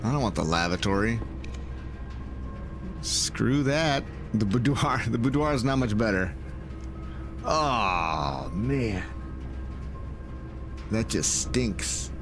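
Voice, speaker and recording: Gravelly, lively man doing game commentary. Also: fairly low pitch, slow pace, long pauses, over music. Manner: thinks aloud and talks to viewers; swings from calm planning to loud outcries. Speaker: gaming video creator. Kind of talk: let's-play commentary.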